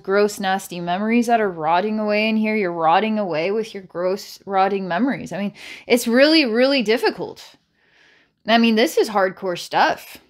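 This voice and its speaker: Rambling, repetitive woman doing a psychic reading. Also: medium pitch. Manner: rambling, repeats phrases, restarts, bursts of laughter; dramatic, challenging and coaxing. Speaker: psychic reader. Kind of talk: channelled psychic reading to camera.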